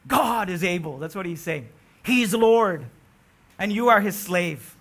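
Male preacher, high bright voice, emphatic sermon delivery with swings from quiet to loud, questions thrown to the congregation. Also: expressive, measured pace. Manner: emphatic, rising to near-shouts on key phrases, asks the congregation questions.

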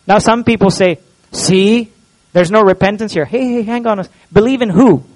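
Man, pastor, high voice, earnest sermon, rhetorical questions. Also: normal speed, darkish tone, poor audio. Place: church.

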